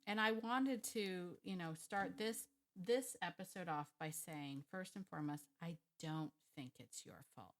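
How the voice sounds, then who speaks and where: Bright, chatty woman podcast host. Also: medium pitch, a little slow. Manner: chatty, animated, laughs often, repeats phrases. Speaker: podcast host, dog trainer. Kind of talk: casual solo podcast talk.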